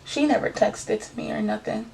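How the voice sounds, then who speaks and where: Creaky-voiced young woman telling a story. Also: fairly high pitch, steady tone, normal speed, darkish tone. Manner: emotional, retells events by acting out others' words. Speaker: vlogger. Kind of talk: casual personal storytelling.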